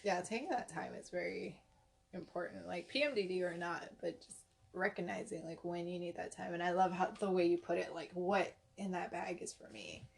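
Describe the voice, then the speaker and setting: Gravelly-voiced woman hosting a podcast. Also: fairly low pitch, fairly even intonation, moderate pace. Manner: supportive, reflective, frequent "like". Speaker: podcast host. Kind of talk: casual chat.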